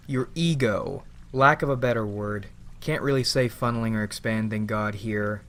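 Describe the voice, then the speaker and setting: A man giving a rambling, reflective monologue, casually swearing and calling his listeners "boys". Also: medium pitch. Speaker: channel host.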